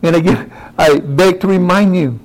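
A man's voice: sits high, normal speed, rough recording. Folksy, emphatic male preacher. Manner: swings from quiet asides to rising, emphatic exclamations; folksy, talks directly to the congregation. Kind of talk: sermon.

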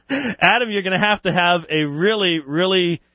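A man's voice: high-pitched, unhurried, no echo. A man hosting a radio call-in show, chatting casually with callers, often chuckling and full of fillers. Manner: lively, chuckling, many fillers. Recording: dull dry radio sound.

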